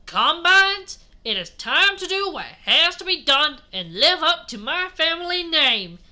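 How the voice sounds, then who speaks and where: A woman's voice: extremely high pitch, very animated, a little slow, sharp tone, voice pushed up, full character voice. A woman voicing an earnest young male rebel hero in a put-on Southern drawl, reading a fanfic aloud with dramatic delivery. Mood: defiant.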